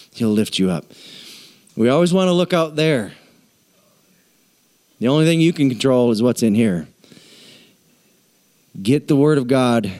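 A man's voice: mid-range voice, darkish tone. A man preaching a sermon in a humorous, conversational way and asking the congregation to answer back. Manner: humorous, conversational, self-deprecating; asks the congregation for responses. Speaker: pastor.

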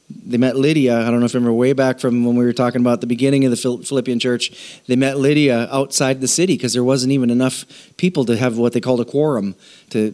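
A man's voice: mid-range voice, darkish tone. Chatty man teaching a Bible lesson. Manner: conversational, asks the audience questions, jokes. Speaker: pastor.

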